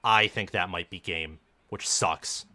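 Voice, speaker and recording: A man's voice: deep voice, measured pace, bright, forceful tone. A man hosting a live stream, giving game commentary as a frustrated, dejected fan.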